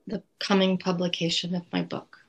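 A woman's voice: lowish voice, level tone, normal speed, breathy edge. A woman being given a tarot reading, answering questions with brief, hesitant replies. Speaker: tarot client.

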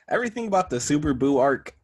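A young man in casual chat, animated and acting out quotes, laughing often. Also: a little high.

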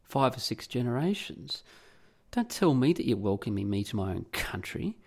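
A man's voice: medium pitch, sing-song, moderate pace, gravelly. An Australian man hosting a podcast, delivering an indignant, sarcastic and profane solo rant. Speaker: podcast host. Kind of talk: solo ranting monologue.

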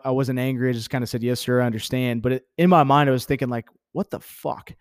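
A man's voice: medium pitch, clear, resonant tone, no echo, clean studio sound. A young man from Texas hosting a podcast, telling his own story in a candid, profane, easygoing way. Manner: candid, profane, heated with laughs. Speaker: podcast host. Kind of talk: casual storytelling monologue.

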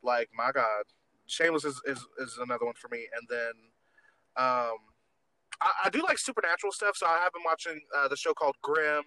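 A man's voice: medium pitch, a little fast, pushed and bright, slight background noise, poor audio. A man hosting a podcast in casual chat, campy and gossipy, swearing freely. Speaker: podcast host.

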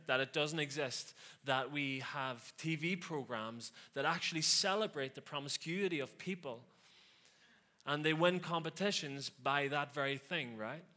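A man's voice: mid-range voice, pushed and bright. A man preaching a conversational sermon, with sarcastic asides and frequent questions to the listeners.

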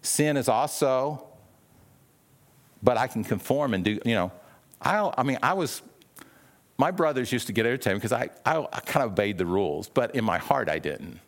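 A man's voice: medium pitch, lively intonation, moderate pace. A man preaching a sermon in a conversational way, with many restarts and questions to the listeners. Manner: acts out the brothers' lines in a raised, sharp voice.

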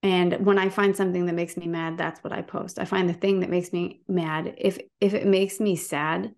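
A woman's voice: fairly low pitch, steady tone, normal speed, a little mellow. A woman, a guest activist, talking passionately in a casual interview and telling stories with frequent restarts.

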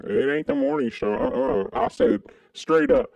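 Podcast co-host, man, gravelly low voice, very lively pitch, dry close mic. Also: moderate pace, no echo, lo-fi sound. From Kentucky. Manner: animated, jumps to high exclaims. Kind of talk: crude comedic podcast banter.

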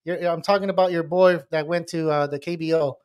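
High-voiced man in casual sports chat. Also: steady tone, fairly quick, smooth. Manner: loose, rambling, laughs often. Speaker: podcast co-host.

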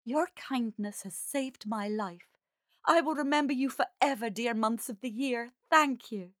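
A woman voicing a meek, kind young girl who pleads softly in a storybook. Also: mid-range voice, unhurried, no echo, studio quality, natural voice. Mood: grateful. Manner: pleading, soft-voiced.

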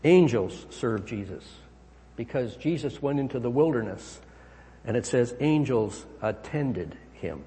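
A man preaching a sermon as pastor, emphatic, swinging his pitch and volume. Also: expressive, unhurried, dark tone. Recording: long hall reverb.

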